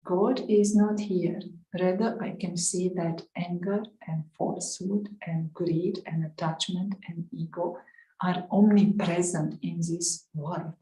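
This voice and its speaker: A woman voicing a calm, unshakable young woman under twenty who quietly and firmly refuses. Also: fairly low pitch, takes it slowly, roomy sound, rough recording.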